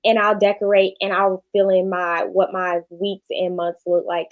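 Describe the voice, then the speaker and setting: A woman, a shop owner chatting casually and telling animated, playful stories. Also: medium pitch, moderate pace, hardly any pauses, rough recording. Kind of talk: casual chat.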